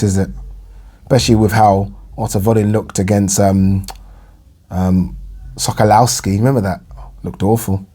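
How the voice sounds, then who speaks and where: A man's voice: fairly low pitch, dark tone. An English man, a young adult, chatting casually about boxing news in a rambling way with lots of fillers and repeated phrases. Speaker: boxing vlogger. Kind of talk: casual solo boxing commentary.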